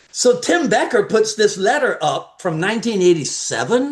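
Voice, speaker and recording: A man from the West Indies, a martial arts teacher and interview guest, telling a story in a lively way. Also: high voice, moderate pace, few pauses. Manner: animated storyteller. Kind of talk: casual conversation.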